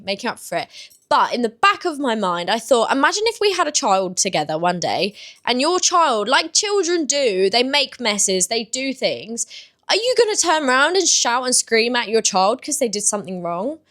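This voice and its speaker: 20s british girl vlogging, chatty and open, says like a lot, voice a bit high. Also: sing-song, moderate pace, fairly bright tone. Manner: open, chatty, many "like" fillers. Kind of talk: candid confessional vlog.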